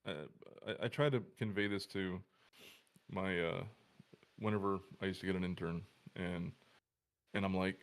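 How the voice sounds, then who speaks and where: A man's voice: sits low, steady tone, moderate pace, long pauses. A man co-hosting a live podcast over a video call, talking casually and bluntly, swearing freely and stammering as he starts his points. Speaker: paramedic podcast co-host.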